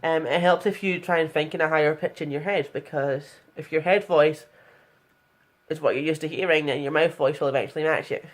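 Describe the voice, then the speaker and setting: A woman's voice: low-pitched, fairly even intonation, brisk. A young woman talking frankly in a casual vlog tutorial, chatty and blunt, with plenty of fillers. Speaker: vlogger.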